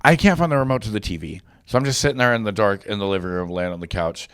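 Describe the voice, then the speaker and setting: A man's voice: on the low side, quick pace, clear, resonant tone, no room sound. Man telling a crude story, dry sound. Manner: crude, animated anecdote with acted quotes. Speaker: podcast co-host. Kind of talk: casual storytelling.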